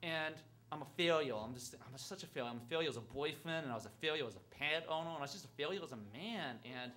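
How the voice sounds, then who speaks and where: This man's voice is fairly high, and there's noticeable background noise as he tells a personal tale on stage at a live storytelling event. His delivery is halting and self-mocking, packed with fillers and false starts.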